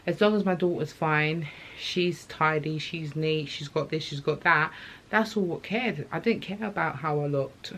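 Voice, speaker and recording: A woman's voice: sits low, measured pace, fairly bright tone. A young woman, talking candidly in her vlog about motherhood in a chatty, emotional way. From England. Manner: open, chatty, emotional storytelling with slang. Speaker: vlogger. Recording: faint background noise.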